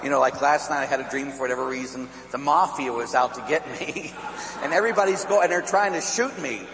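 A male priest telling a story in a sermon, laughing often and dropping to a hushed voice, from Pittsburgh. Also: medium pitch, quick pace, vocal fry. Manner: animated, laughing storyteller who drops to a hushed voice. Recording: echoey hall with faint hum.

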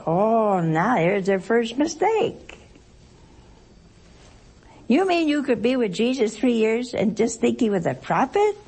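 A woman's voice: a little high, sing-song, takes it slowly, pauses often, darkish tone, husky. A woman teaching a Bible study to a group, talking conversationally and expressively with rhetorical questions and playful asides.

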